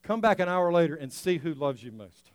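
A male pastor preaching a lively sermon, laughing often and acting out scenes for the congregation. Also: fairly high pitch, a little fast, dry recording. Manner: animated, laughing often, acting out an excited dog.

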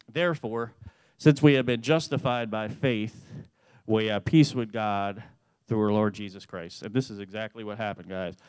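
A man giving an earnest testimony to a church, telling the story in a way that grows animated. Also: mid-range voice, clean tone, dry recording. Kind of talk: testimony sermon.

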